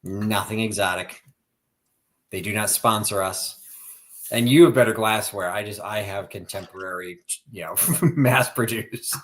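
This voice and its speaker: Guy with a lowish voice chatting on a stream, tells little stories, trails off a lot. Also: measured pace, fairly bright tone. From US Midwest. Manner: chatty, storytelling, trails off mid-sentence. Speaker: co-host of a live sale stream. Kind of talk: casual chat.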